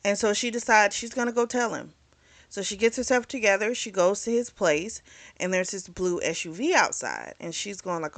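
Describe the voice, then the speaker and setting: A woman's voice: mid-range voice, normal speed, dry recording. A woman hosting a casual book review, retelling a novel's plot in a chatty way and acting out the characters' lines.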